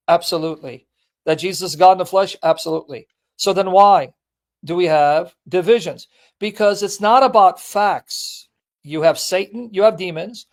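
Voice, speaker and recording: A man hosting an apologetics call-in show, blunt and teasing, repeating his points with emphasis. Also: high-pitched. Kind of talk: live call-in debate chat.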